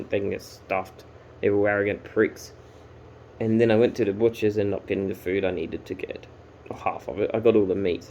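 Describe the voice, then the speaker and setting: Man, dark mellow tone, casual ranting vlogger. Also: lowish voice, gravelly, slight background noise, poor audio. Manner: ranting, exasperated, sweary. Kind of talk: casual storytelling vlog.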